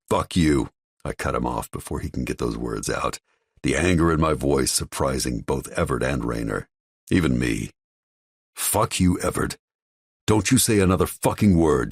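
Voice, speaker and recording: Super deep gravelly guy reading an audiobook, measured and brooding, lots of rise and fall. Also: no echo, clean studio sound. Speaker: audiobook narrator. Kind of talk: first-person audiobook narration.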